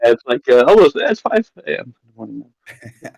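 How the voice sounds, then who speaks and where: Croaky man, just woken up. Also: mid-range voice, big pitch swings, quick pace, darkish tone, no room sound, dull audio. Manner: friendly, hesitant, laughs often. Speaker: fan asking questions. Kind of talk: casual chat.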